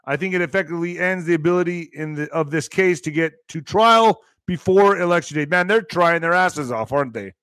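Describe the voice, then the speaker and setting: Brief: mocking male vlogger doing news commentary, high voice, dry close sound. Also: a little fast, few pauses, fairly bright tone, clear, resonant tone, dry recording. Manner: brash, mocking, profane.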